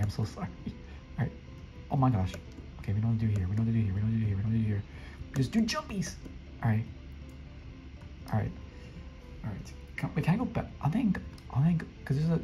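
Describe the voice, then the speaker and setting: A man commenting casually on his gameplay, excitable and flustered, often talking to the other players. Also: mid-range voice, rough recording. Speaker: gameplay streamer. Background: faint game music.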